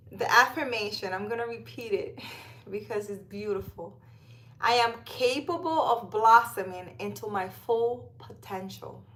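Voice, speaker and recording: A woman's voice: on the high side, fairly bright tone. Chatty woman live streaming from her phone. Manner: chatty, reads comments aloud, switches to baby talk with her cat. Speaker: live stream host reading cards and viewer comments. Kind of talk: casual live stream chat.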